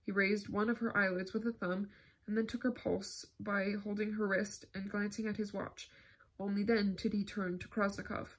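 Woman reading a novel out loud, steady, kinda breathy. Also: medium pitch, normal speed. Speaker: audiobook narrator. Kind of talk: scripted narration.

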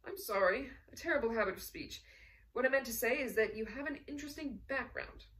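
A woman's voice: a little high, a little fast, fairly bright tone, distant mic, lightly acted. A woman reading aloud as a suave middle-aged male colonel with a genial, inquisitive manner.

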